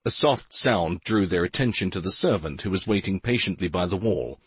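A man narrating an audiobook in an expressive, dramatic storytelling manner, close to the microphone. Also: sits low, moderate pace, breathy edge, no room sound. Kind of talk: scripted narration. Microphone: close studio mic.

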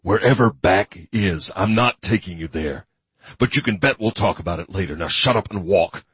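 A man's voice: low voice, lively intonation, normal speed, fairly bright tone, breathy edge, no echo, exaggerated voice. A man narrating an audiobook voices a blunt, impatient tough guy giving clipped commands. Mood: gruff. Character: tough, blunt male bodyguard type, impatient.

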